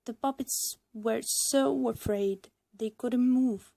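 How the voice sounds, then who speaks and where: Slow, mellow woman reading a story. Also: fairly high pitch. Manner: slow, clear, deliberate.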